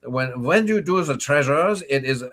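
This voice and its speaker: A man doing a slow, earnest German lecturer. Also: a little high, animated, fairly bright tone, pitched above the performer's own voice. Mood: lecturing. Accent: imitated German. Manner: slow, instructive.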